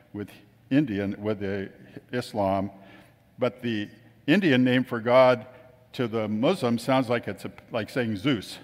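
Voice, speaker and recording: A man's voice: fairly low pitch, a little mellow. Man telling anecdotes in an echoing hall. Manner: chatty anecdotes, acts out quoted voices. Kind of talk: casual storytelling talk. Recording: long reverb of a hall.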